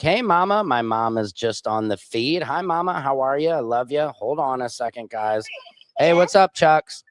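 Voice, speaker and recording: A man's voice: medium pitch, a bit bright, no echo. Chatty man hosting a livestream. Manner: rambling, chatty, reads viewer comments aloud. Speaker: livestream show host. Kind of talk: casual livestream chat.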